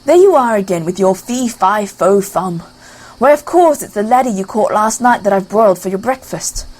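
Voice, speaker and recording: A woman reading a fairy tale aloud, voicing the ogre's wife, who coaxes and scolds her husband in a brisk way. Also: medium pitch, animated, a little mellow, lightly acted, poor audio. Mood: scolding. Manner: brisk, coaxing. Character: doting, quick-witted wife of an ogre.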